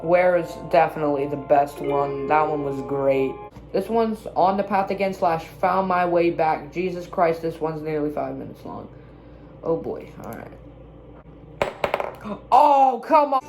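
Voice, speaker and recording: Low-voiced woman, blunt and profane. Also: moderate pace, a little mellow. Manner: blunt, self-critical, swears freely. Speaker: musician reacting to own album. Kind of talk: casual reaction commentary. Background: own music playing clearly.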